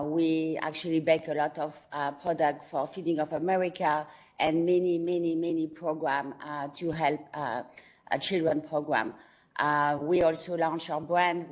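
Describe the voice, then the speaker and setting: A woman from France with a French accent, giving earnest testimony at a board meeting as a company founder, her English halting and full of fillers. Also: low-pitched.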